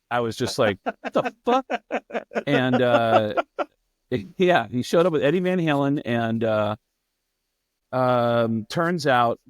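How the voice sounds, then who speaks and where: A man telling a story on a podcast, at an ordinary pitch, swearing freely and slipping into the voices of the people he quotes. The sound is dry and close. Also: no echo. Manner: profane, animated, quick to act out people. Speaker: guest comedian. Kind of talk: casual storytelling.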